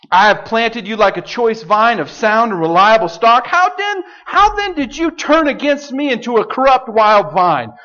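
A man preaching a sermon, swinging from loud outbursts to hushed asides. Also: sits high, highs cut off.

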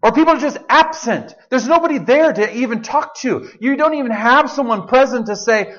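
Conversational preacher man with a high voice. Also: expressive, normal speed, hardly any pauses, a bit bright, muffled recording. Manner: conversational preaching, shifts into quoted voices of God. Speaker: pastor. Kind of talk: sermon.

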